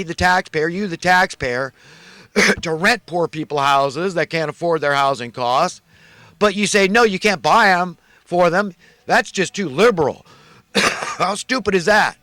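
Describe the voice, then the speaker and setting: A man from the United States delivering an angry political rant straight to his listeners, now and then raising his voice to shout. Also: sits high, no room sound. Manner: angry, ranting, shouts at times. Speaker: political commentator.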